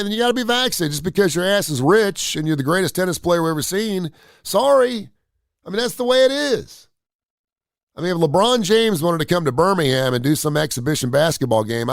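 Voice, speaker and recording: A man's voice: fairly high pitch, no echo, studio quality. Blunt, opinionated man ranting. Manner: blunt, opinionated, animated rants with crude humor. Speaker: radio show host. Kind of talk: casual live-stream monologue.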